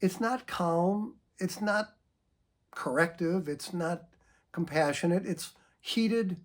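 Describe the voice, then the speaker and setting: A middle-aged man, a psychotherapist, giving a measured educational talk, often clearing his throat. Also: high voice.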